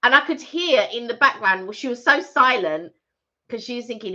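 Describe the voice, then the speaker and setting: Bright-voiced woman, lo-fi stream. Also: on the high side, animated, moderate pace. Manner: chatty, trails off and restarts, tells anecdotes. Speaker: co-host of a live stream. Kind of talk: casual chat. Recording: dull lo-fi live stream audio.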